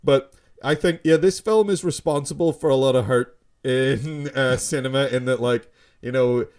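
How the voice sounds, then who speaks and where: A man's voice: medium pitch, moderate pace, a little mellow. A man co-hosting a casual film podcast, giving frank, opinionated takes and swearing casually. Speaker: podcast co-host.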